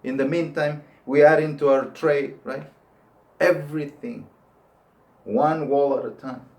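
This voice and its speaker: A man's voice: a little high, steady tone, a little slow, darkish tone. An older man giving an earnest, pleading monologue that rises into emphatic outbursts. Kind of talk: impassioned monologue to camera.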